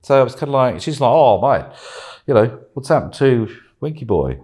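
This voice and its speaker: A British man chatting casually, telling an animated anecdote and acting out voices. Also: mid-range voice, moderate pace. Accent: British English. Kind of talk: casual storytelling chat.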